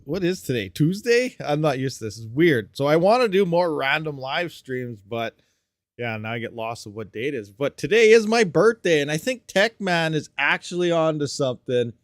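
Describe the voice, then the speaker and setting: A man's voice: fairly high pitch, animated, moderate pace, dry recording, clean studio sound. A man hosting a casual live stream, chatty and joking, greeting viewers by name from a desk mic at his workstation. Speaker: livestream host.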